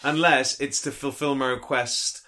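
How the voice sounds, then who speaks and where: A man's voice: medium pitch, expressive, moderate pace, fairly bright tone. A man chatting casually on a podcast, rambling, restarting and joking. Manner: rambling, self-interrupting, joking. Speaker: podcast guest. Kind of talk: casual chat.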